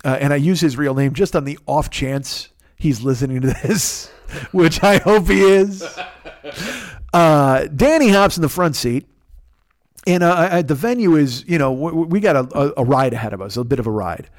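Man, podcast host, comedic storytelling, profane, exasperated, slightly high pitch. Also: expressive, brisk, dry recording.

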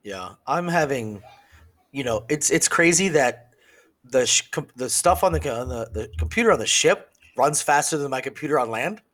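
Man, podcast co-host, casual chat, rambling, profane, middle pitch. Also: lively intonation, normal speed, a bit bright.

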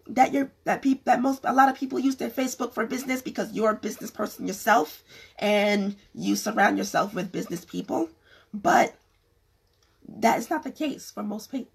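Woman vlogger, gravelly and husky, fading voice, blunt and rambling, casual advice to camera. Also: on the high side. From California. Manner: frank, rambling with many restarts. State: losing her voice. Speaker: vlogger giving business advice.

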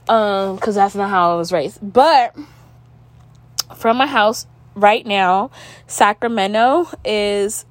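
A woman's voice: medium pitch, dry recording. A young woman with a stuffy nose hosting her own podcast, rambling in casual chat full of "like" and swearing. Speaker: podcast host.

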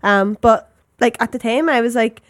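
A woman's voice: a little high, moderate pace, no room sound, clean studio sound. A young woman with a Northern Irish accent, co-hosting a podcast in casual chat and telling stories packed with "like". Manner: chatty storytelling, full of "like". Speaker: podcast co-host.

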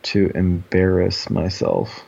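A man's voice: deep voice, big pitch swings, slow pace, gravelly, a little mellow, breathy edge, dull audio. A man co-hosting a podcast, chatting casually with plenty of swearing and self-mocking jokes. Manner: profane, self-mocking banter. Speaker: podcast co-host.

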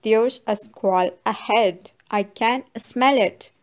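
A woman's voice: medium pitch, fairly even intonation, moderate pace, darkish tone, close to an everyday voice. Woman doing a slurring drunk old man. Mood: angry. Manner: slurred, plaintive speech. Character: tipsy old man, mournful and prophetic.

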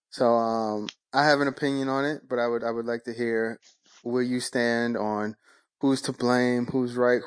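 A man's voice: medium pitch, smooth. A man co-hosting a podcast, chatting in a loose, laid-back way and laughing often. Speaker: podcast co-host. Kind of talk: casual chat.

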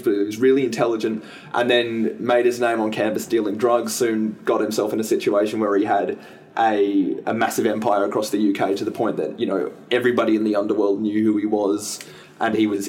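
A podcast co-host chats casually about a film, rambling with many restarts and self-corrections. His voice sits on the low side and is a little mellow.

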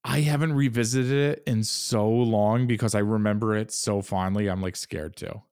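A man's voice: fairly low pitch, fairly even intonation, normal speed, a little mellow, clean tone, dry recording, clean studio sound. A man co-hosting a film podcast in casual chat, laid-back, swearing casually and searching for words. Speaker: podcast co-host.

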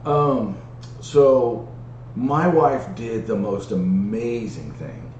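A man candidly telling a personal story in casual podcast chat, animated and full of restarts. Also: medium pitch, extremely slow, reverberant, recorded from a distance, highs cut off, a little hiss or hum. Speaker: podcast co-host.

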